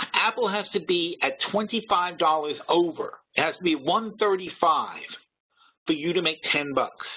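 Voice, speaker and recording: A man's voice: on the high side, slightly rough. A man hosting a live trading webinar, rambling and correcting himself as he works through figures aloud. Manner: rambling, self-correcting, thinks aloud while calculating. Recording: tinny phone-line webinar audio.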